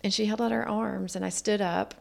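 A creaky, steady-toned woman at medium pitch talks fairly quickly. She's a guest narrating her own life in conversation, earnest and reflective, performing others' remarks as quotes.

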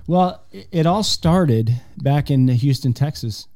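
A man's voice: on the high side, lively intonation, takes it slowly, darkish tone, dry recording, studio quality. A middle-aged man, a guest and events director with a radio background, telling stories in an upbeat way. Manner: upbeat storytelling, former radio voice. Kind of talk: casual interview.

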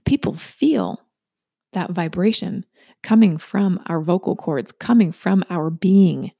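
A middle-aged woman talks through a personal story in a loose, chatty way, tossing in "right?" again and again. Her voice has a gravelly, fry-laden edge. The recording is dry and close, with no room sound. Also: lowish voice, lively intonation, slow, dark tone, no room sound. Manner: chatty, asks "right?" often.

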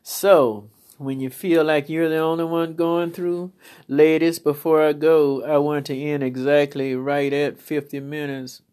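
A woman's voice: sits low, level tone, a little slow, dark tone. A middle-aged woman preacher giving a personal testimony, telling her story with laughter and feeling. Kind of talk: testimony sermon.

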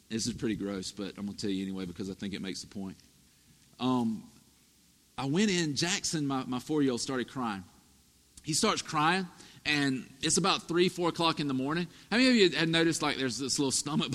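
A man in his thirties preaching a sermon, telling family stories with animated, emphatic delivery. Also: mid-range voice, brisk. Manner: storytelling, animated, rising to emphatic peaks. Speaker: pastor. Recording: echoey hall reverb.

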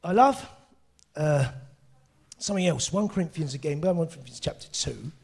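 A middle-aged man preaching a sermon, excitable and breaking into shouts and exclamations. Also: on the high side, brisk, vocal fry, breathy edge.

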